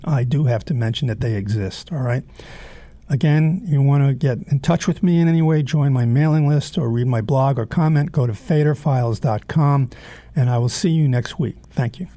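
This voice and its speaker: Male host, blunt commentary, lots of "uh"s, mellow tone, close and dry. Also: medium pitch, no room sound. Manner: halting, many fillers, frank and blunt. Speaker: show host. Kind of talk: opinionated political commentary monologue.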